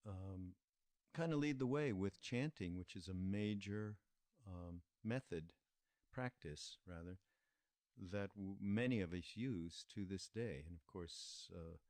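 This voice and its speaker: An older man hosting a podcast, recalling a story in an unhurried, reflective way and pausing often with fillers. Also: low-pitched, darkish tone, dry recording. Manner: unhurried, halting with many fillers. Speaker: podcast host.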